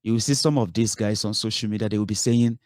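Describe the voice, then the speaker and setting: A man's voice: fairly low pitch, fairly even intonation, fast, darkish tone, no room sound, clean studio sound. A man giving a heated political commentary, scolding his listeners with rhetorical questions and swearing.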